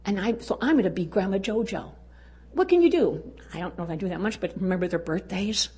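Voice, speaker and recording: A woman's voice: mid-range voice, expressive, fairly quick, a little mellow, husky. An older woman giving a folksy, exuberant testimony talk at a church women's event, urging and cheering her listeners on. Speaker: women's conference speaker.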